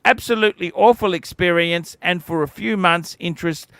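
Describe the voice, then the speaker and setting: A man in his forties with a bright, crisp, fairly high voice rants at length, swearing freely and sounding thoroughly cantankerous. The sound is dry and close, with no room around it. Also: normal speed, dry recording. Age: 40s. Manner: profane, cantankerous ranting. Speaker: livestream host. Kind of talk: ranting livestream chat.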